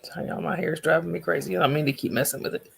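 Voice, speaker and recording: Her low-pitched voice is gravelly with a breathy edge, and she talks rapid-fire with fairly even intonation. This Southern-accented livestream host rambles and chats casually with her viewers, frequently restarting sentences.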